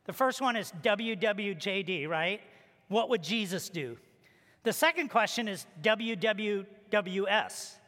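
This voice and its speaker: Male pastor, sermon storyteller with jokes and questions to the room, high voice, echoey church. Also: pushed and bright. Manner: storytelling with humorous asides and rhetorical questions. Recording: echoey hall reverb.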